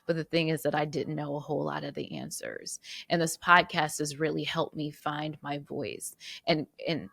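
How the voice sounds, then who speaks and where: A woman's voice: low-pitched, animated, moderate pace, gravelly, fairly bright tone, husky, no room sound, clean studio sound. A woman hosting her podcast solo, reflecting earnestly and fighting back tears, with restarts and repeated words. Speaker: podcast host.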